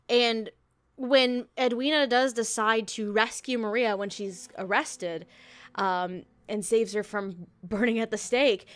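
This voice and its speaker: A woman's voice: a little high, a bit bright. A woman hosting a casual podcast chat, rambling and self-correcting, laughing often. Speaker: podcast host reviewing an audio drama.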